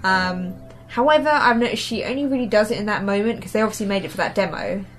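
A woman's voice: mid-range voice, quick pace, faint music behind. A woman from England with a light Essex-tinged accent, co-hosting a casual gaming chat, rambling with lots of ums and restarts. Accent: Essex-tinged English. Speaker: podcast co-host.

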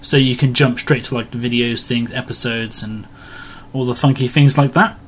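A man's voice: medium pitch, fairly even intonation, moderate pace. Guy hosting a podcast, jokey, chatty, faint hiss behind him. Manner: jokey, slips into pirate talk. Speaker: podcast host. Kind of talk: casual podcast chat.

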